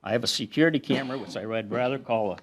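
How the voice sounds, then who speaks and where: A man's voice: mid-range voice, fast. A middle-aged man giving a prepared public comment at a council meeting, earnestly listing his points and reading quotes aloud into a podium mic.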